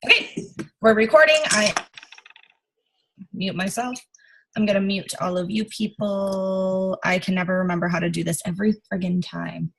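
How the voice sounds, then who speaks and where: Woman running a video call training, chatty and rambly, lots of ums, talks in quick bursts. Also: medium pitch, vocal fry, background noise. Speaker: team leader hosting a video call training. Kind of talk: casual chat.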